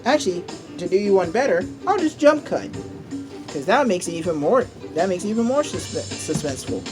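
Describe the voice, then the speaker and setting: An excitable young man giving casual, chatty commentary while playing a racing game, cursing at mishaps. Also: high voice, fairly quick. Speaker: gameplay commentator. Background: game music.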